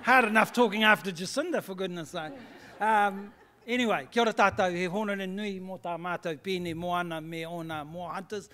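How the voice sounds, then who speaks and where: Man, New Zealand accent, high pitch, blunt and joking, hesitant. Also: moderate pace, sharp tone. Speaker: band manager giving a speech. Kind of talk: informal acceptance speech.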